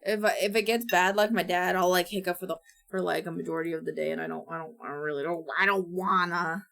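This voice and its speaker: A woman's voice: on the low side, fairly even intonation, fast talker, creaky, fairly bright tone. A woman streamer chatting casually and goofily to her viewers as she works. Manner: goofy, rambling, talks to herself. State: hiccuping. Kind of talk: casual chat while working.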